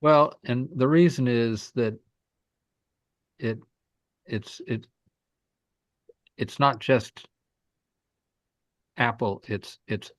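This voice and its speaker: A man's voice: medium pitch, drawn-out words, long pauses, dry recording. A man speaking as a student in a Latin class, making joking asides in casual banter.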